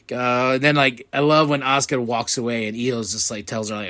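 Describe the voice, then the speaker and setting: A man hosting a podcast, giving a casual, excitable recap and acting out quotes in quick voices. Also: medium pitch. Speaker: podcast host.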